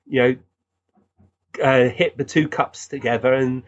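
Male guest, earnest animated storyteller, mid pitch, lo-fi dull audio. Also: unhurried. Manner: earnest, animated, recounting with many restarts. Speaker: guest, physical medium. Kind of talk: storytelling in conversation.

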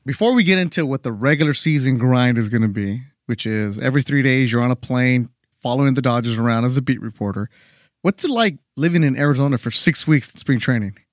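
A man's voice: mid-range voice, lively intonation, fast talker, no echo, clean studio sound. A man hosting a sports podcast, opening with upbeat hype, then asking conversational questions. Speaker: podcast host.

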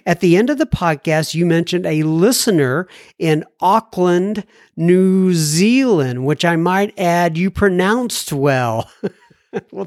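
A man's voice: high voice, no room sound, clean studio sound. A man hosting a recovery podcast, reading listener mail with folksy asides, little jokes and frequent ums and self-corrections. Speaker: podcast host.

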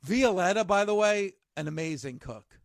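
A man hosting a wrestling podcast, talking in an excitable, animated, jokey way. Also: high-pitched, moderate pace, gravelly, no echo, studio quality. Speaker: podcast host. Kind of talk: casual chat.

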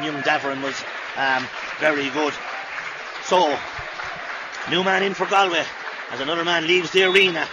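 An Irish man doing live radio commentary on a match, rapid, and shouting at the big plays. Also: mid-range voice, heavy background noise. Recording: lo-fi radio broadcast with loud crowd. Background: loud stadium crowd.

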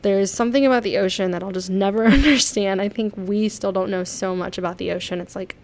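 Young woman just chatting, excitable, laughs a lot, medium voice. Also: medium pitch, fairly quick. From South Florida. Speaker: vlogger. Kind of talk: casual storytelling.

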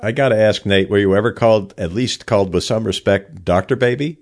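Low-voiced podcast cohost, earnest, kinda long-winded. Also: male voice, a little fast. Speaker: podcast co-host. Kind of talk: casual podcast chat.

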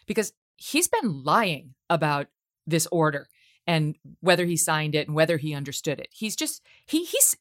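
Low-voiced woman podcast host. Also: sing-song, moderate pace. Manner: incredulous, pointed. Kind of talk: interview conversation.

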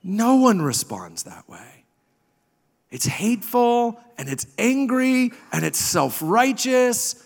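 A man's voice: on the high side, very animated, measured pace. A man preaching a sermon as pastor, emphatic and repetitive in his rhetoric. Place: church sanctuary. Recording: reverberant hall.

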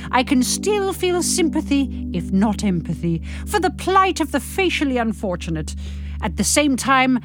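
A sardonic woman reads from her own comic book, breaking off for wry, self-mocking asides. Her voice sits fairly high and bounces lively up and down. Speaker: podcast host reading her book.

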